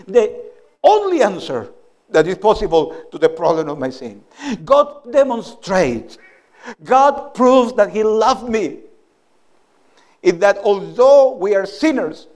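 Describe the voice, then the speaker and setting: A man's voice: very high voice, darkish tone. A middle-aged man preaching a sermon, teaching earnestly and plainly through everyday examples.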